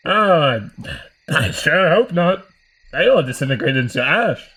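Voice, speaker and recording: A man's voice: a little high, lively intonation, a little slow, sharp tone. Playful man at a game table. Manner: jokey, playful. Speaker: player.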